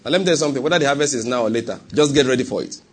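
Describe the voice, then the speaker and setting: A man's voice: medium pitch, expressive, racing, slight background noise. A man with a Nigerian accent preaching a sermon and telling a personal story, often checking whether the congregation follows him. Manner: conversational, asks the congregation if they follow.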